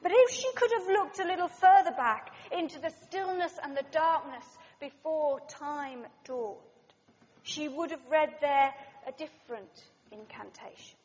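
A woman voicing a wise, solemn male lion, reading slowly and gravely from a storybook, in a dull-sounding reverberant hall. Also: sits high, expressive, darkish tone.

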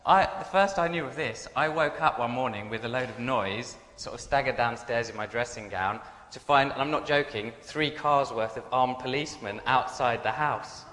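A man's voice: medium pitch, normal speed, hardly any pauses, a bit bright. A man telling humorous personal stories to an audience in a chatty, self-mocking way. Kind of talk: humorous anecdote told to an audience. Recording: echoey hall with long reverb.

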